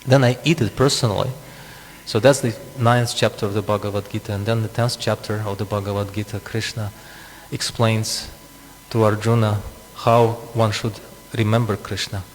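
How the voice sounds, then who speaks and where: A man's voice: fairly low pitch, little pitch movement, normal speed. A man preaching a scripture class, explaining with asides and frequent chuckles. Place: temple hall. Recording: long reverb, faint hum.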